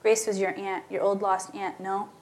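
A woman's voice: medium pitch, level tone, normal speed, slight background noise, close to an everyday voice. A woman voicing a mysterious cursed old woman in an old lady voice, in a storybook reading. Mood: cryptic.

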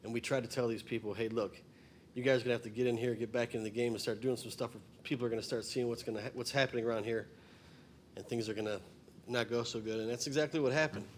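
A man's voice: medium pitch, fairly even intonation, quick pace, slight background noise. A middle-aged man, introducing his song in a rambling, plainspoken way and stating blunt opinions. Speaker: singer-songwriter and former firefighter.

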